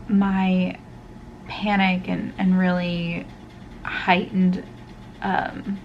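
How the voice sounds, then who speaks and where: A woman's voice: lowish voice, a little hiss or hum. A woman vlogging casually to camera, drained and tearful after a stressful exam, rambling with many fillers.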